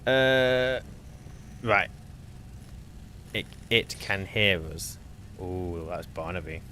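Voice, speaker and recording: A man with a very deep, low voice talks through a co-op game in casual chat. He explains the mechanics at length and trades teasing banter. A faint hiss sits under his voice. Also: lively intonation, drawn-out words, pushed and bright. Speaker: streamer, co-op game host.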